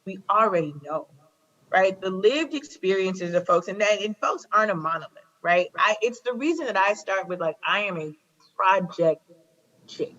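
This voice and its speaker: Woman in her 40s from chicago, mid pitched voice, talks with feeling, repeats herself for punch, bit dull lo-fi sound. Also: lively intonation, normal speed, a bit bright. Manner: emphatic, repeats key phrases, storytelling. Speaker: guest speaker, prosecutor. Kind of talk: impassioned conversational talk. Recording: slightly dull lo-fi recording.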